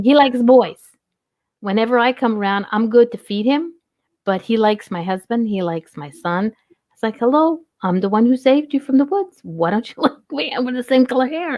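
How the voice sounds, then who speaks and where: A woman hosting a casual chat, talkative and quick to laugh while telling stories about her own cats. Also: mid-range voice, no room sound. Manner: talkative, laughs often, tells anecdotes. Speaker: host.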